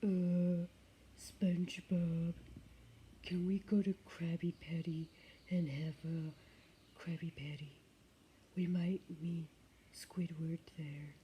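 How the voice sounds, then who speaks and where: A woman voicing a dim-witted, good-natured male cartoon starfish, talking in a slow, dopey, halting way. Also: fairly low pitch, flat delivery, mellow, slight background noise, voice pushed down.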